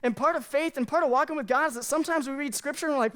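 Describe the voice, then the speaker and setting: A woman's voice: high-pitched, racing, fairly bright tone. A woman pastor giving a sermon from a church stage, earnest and conversational, speaking candidly to the congregation.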